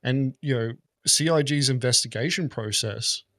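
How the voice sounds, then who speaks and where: A man's voice: medium pitch, moderate pace, no room sound, clean studio sound. A man, a gaming content creator, rambling and swearing in a casual podcast chat. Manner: rambling, profane, animated.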